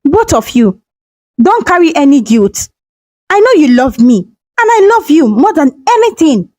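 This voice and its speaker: A woman voicing a dying old mother who speaks softly and forgives her children. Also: high-pitched, sing-song, a little slow, poor audio. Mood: tender. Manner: soft, whispery.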